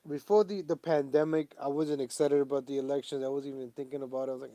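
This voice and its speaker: A man venting in a political vlog, animated and repetitive, stumbling into restarts as he rants. His voice sits a little high and the recording is dry and close. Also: quick pace, few pauses, no room sound. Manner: animated, ranting, many "like" fillers and restarts. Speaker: vlogger. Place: home in Pennsylvania.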